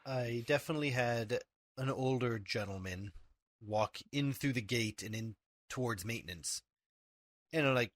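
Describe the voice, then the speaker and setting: A man's voice: medium pitch, moderate pace, a bit bright, no room sound. Teasing man with a dry voice. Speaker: tabletop game player. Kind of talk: casual pre-game banter.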